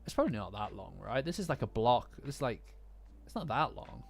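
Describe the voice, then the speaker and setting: His voice is medium-pitched, gravelly and sing-song, moving a little fast, with a Nottingham accent from his hometown. He's a streamer reacting to a manga chapter, reading to his chat casually, rambling, getting sidetracked and teasing himself, over faint lofi music.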